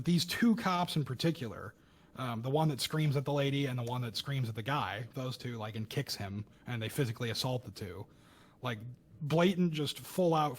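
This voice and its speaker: A young man co-hosting a casual podcast, talking through a news story with heated emphasis and bursts of louder, higher speech. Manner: animated, acts out quoted voices with rising pitch and loudness. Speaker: podcast co-host. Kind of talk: casual political commentary chat.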